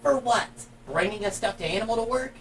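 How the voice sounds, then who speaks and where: A woman's voice: fairly high pitch, lively intonation, fairly quick, recorded from a distance, a little hiss or hum, lightly acted. Doug, a woman doing a cheeky stuffed penguin. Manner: cheeky, playful and unbothered. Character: tiny chatty male stuffed penguin toy. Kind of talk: cartoon voice acting.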